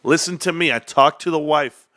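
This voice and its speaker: Bright, boastful man ranting on stream. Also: a little high, moderate pace. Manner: boastful, animated, laughing often. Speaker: stock livestream host. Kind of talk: excited stream rant.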